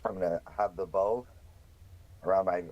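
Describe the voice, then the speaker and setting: A man playing in a tabletop game, describing his character's actions in an unhurried way. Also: low-pitched, steady tone, dry recording, dull audio. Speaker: player. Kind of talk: casual tabletop play.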